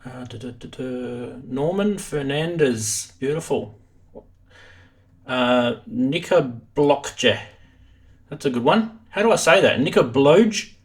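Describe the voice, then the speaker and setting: A man's voice: mid-range voice, animated, a little slow. An Australian man hosting a live stream from his home studio, chatting casually in a self-deprecating way.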